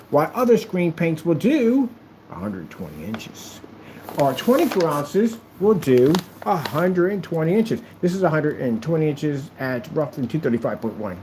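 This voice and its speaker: A man's voice: fairly high pitch, dark tone, slight background noise, rough recording. A man presenting a product in a casual demo video, talking in a playful, exaggerated sales manner.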